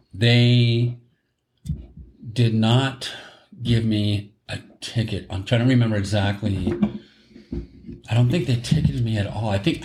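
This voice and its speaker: A man's voice: lowish voice, darkish tone. A middle-aged man, telling a long story on a podcast, rambling and correcting himself and laughing at his own tale. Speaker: podcast host. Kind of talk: casual storytelling chat. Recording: roomy echo.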